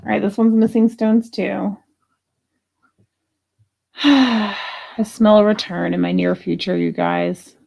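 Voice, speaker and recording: A woman's voice: mid-range voice, fairly even intonation, slow, gravelly, long pauses, a little mellow. A woman hosting a live jewelry sale, chatting casually and thinking aloud as she prices pieces, with the odd grumble. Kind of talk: casual live selling chat.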